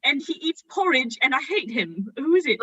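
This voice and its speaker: A bright, dry voice for a vain, needy nephew hosting a party, played by a performer. He giggles and rambles, showing off to his guests. The sound is a little dull. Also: high-pitched, big pitch swings, brisk, no echo, heavily acted. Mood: giggly. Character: vain, needy male nephew host Fred. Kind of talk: drunken improv stage comedy.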